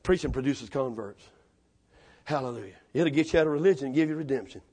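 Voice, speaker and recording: A man preaching a sermon, fiery and shouting at the climaxes of his stories. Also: medium pitch, fast, breathy edge. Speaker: pastor.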